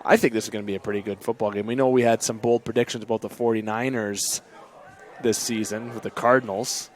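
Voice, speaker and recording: A man hosting a casual sports talk show from a bar and grill, briskly calling on his co-hosts for their picks. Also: fairly low pitch, fairly even intonation.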